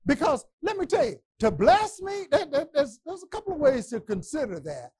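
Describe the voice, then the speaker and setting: A man teaching a Bible class, preaching with passion, stammering repetitions and bursts of shouting. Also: extremely high pitch, big pitch swings, normal speed.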